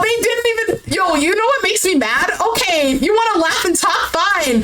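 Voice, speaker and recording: A young woman recaps a show in a bright, high voice that swings widely up and down. She talks casually and exclaims often, laughing along with her own story. A steady noise hangs behind her in the recording. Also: slow pace. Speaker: recap streamer.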